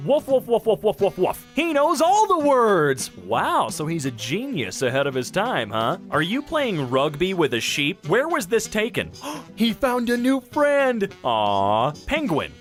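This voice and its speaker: Lively man reacting to memes. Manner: lively, jokey reactions with sudden high silly voices. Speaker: narrator of meme compilation. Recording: faint music behind.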